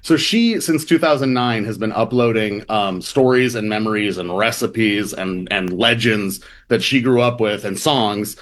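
A man's voice: lowish voice, unhurried, few pauses, fairly bright tone. A man from the American Midwest, a reporter interviewed as a guest, talking casually with lots of fillers. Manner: casual, many fillers and hedges like "like" and "um". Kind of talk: conversational interview.

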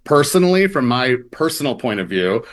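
A man's voice: medium pitch, sing-song, brisk. A man from the American Midwest, a reporter interviewed as a guest, talking casually with lots of fillers. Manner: casual, many fillers and hedges like "like" and "um". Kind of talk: conversational interview.

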